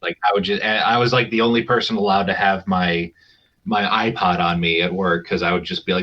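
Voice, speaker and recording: A man's voice: low-pitched, steady tone, a little fast, bright, forceful tone. A man co-hosting a podcast in casual chat, rambling with many restarts, laughing and swearing freely. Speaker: podcast co-host. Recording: dull, lo-fi podcast mic.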